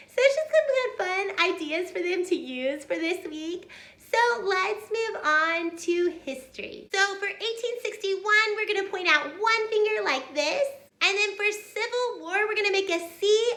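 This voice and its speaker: Young woman tutor with a very high, bright voice, cheerful and chatty, in an echoey room. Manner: cheerful, chatty, demonstrates songs and hand motions. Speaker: homeschool tutor and video host. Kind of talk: upbeat how-to teaching video.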